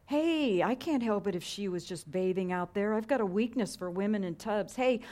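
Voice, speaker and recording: Brief: woman preacher playing a flustered man making lame excuses in a high whine. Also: expressive, moderate pace, darkish tone, close to an everyday voice. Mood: defensive. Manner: whining, stammering excuses. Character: whiny excuse-making man, king caught in sin.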